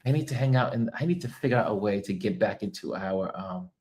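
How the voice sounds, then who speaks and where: A man's voice: lowish voice, quick pace, darkish tone, slight background noise. An American man, tired from travel and little sleep, hosting a casual livestream, chatting loosely and reading viewer comments aloud with frequent laughs. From United States. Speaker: livestream host.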